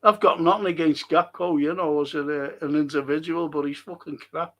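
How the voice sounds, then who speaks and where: A man's voice: on the high side, fairly even intonation, normal speed, a bit bright. A middle-aged man, hosting a casual football livestream and answering viewer comments bluntly, swearing often. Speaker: football podcast host.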